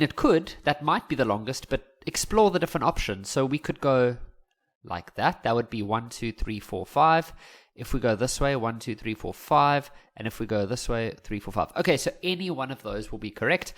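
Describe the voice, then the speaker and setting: A young man with a South African accent talks through a chemistry lesson in a casual, joking manner. His voice sits at an ordinary middle pitch. He laughs at his own asides and chats freely between steps. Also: expressive, normal speed, fairly bright tone. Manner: chatty, jokey, laughs at his own jokes. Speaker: teacher.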